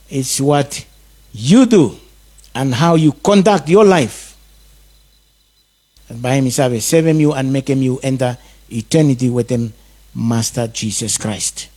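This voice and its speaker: A man's voice: medium pitch, a little mellow. A man preaching a sermon, in repeated rhythmic calls.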